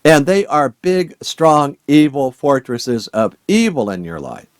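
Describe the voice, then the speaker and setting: A man's voice: a little high, sing-song, a little slow, no echo. A man teaching a Bible study as a sermon, earnest and urging, asking his listeners many rhetorical questions.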